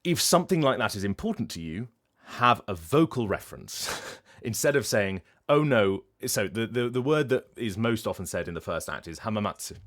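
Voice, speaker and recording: A voice actor and streamer talks casually on his livestream, thinking aloud and explaining at length in a thoughtful way, frequently restarting his sentences. His lowish voice is animated, a bit bright and fairly quick.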